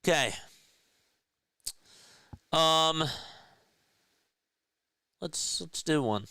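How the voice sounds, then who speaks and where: Casting note: male play-by-play streamer, easygoing and chatty with viewers, smooth voice recorded dry. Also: on the high side, lively intonation, drawn-out words, pushed and bright, no echo. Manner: casual, chats with viewers between plays. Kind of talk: live play-by-play commentary.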